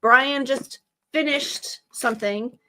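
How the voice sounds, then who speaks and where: A woman with a high, bright, forceful voice hosts a live stream at a slow pace, with slight background noise. Her accent blends Californian with a Southern twang, and she chats and rambles with laughing asides.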